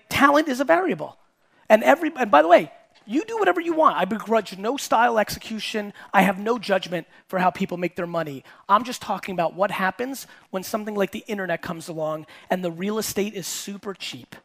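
A middle-aged man giving a blunt, fast-paced keynote talk to a live audience. He swears, repeats his points for emphasis, and speaks as a company founder and host. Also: high-pitched, creaky, a bit bright. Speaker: entrepreneur and host.

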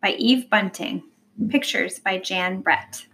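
At home, a woman reads a picture book aloud to her child, expressive and animated, pausing to ask the child questions. Her voice is medium in pitch and her pace is slow.

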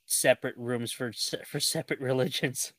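A man's voice: medium pitch, steady tone, normal speed, dry recording. A man hosting a casual podcast chat, speaking politely and a little hesitantly. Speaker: podcast host.

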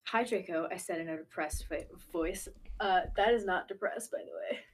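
A young woman co-hosting a casual podcast, reading fanfiction aloud in a laid-back, deadpan way with quick asides. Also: on the low side. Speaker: podcast co-host.

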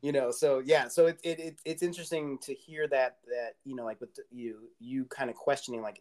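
Guy in his 40s hosting a chat, average pitch, kinda rambly, lots of likes and you knows. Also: fairly even intonation, normal speed. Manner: reflective, rambling, frequent fillers. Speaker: podcast host. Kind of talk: casual conversational chat.

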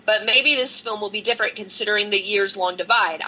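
A woman's voice: mid-range voice, brisk, pushed and bright, low-quality recording. A woman co-hosting a horror film podcast, chatting casually, laughing often and reading listener emails aloud. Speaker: podcast co-host.

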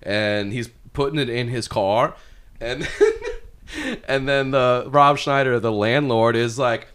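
A man's voice: mid-range voice, big pitch swings, slow, a bit bright, clear, resonant tone. A man hosting a podcast, casually retelling a movie plot with lots of swearing and laughter. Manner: rambling, swears freely, laughs at his own retelling. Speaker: podcast host.

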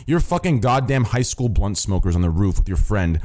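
A man's voice: medium pitch, expressive, fast talker, darkish tone. A young man hosting a stream voice chat, ranting bluntly with constant swearing and repeated "listen" and "okay?". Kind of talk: casual profane stream rant.

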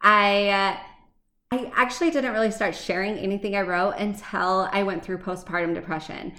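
A woman in her thirties from Arizona, talking as a guest in a mid-pitched, everyday voice. She is wry and self-deprecating, tossing out quick funny asides. The room around her sounds echoey. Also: fairly even intonation, pushed and bright. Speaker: guest, writer. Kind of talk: casual interview chat.

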